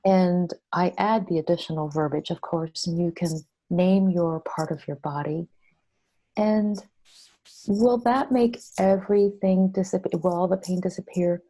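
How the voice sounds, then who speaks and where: A woman, an interview guest, gently talking through soothing self-compassion affirmations. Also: fairly low pitch, rough recording. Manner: soft, slow, soothing affirmations.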